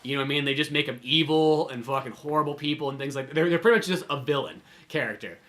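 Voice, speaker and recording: Guy co-hosting a movie podcast, talks fast, bright sharp voice, swears constantly and rambles. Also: on the high side. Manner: rambling and profane, heavy use of "like". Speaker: podcast co-host. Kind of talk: casual movie review chat.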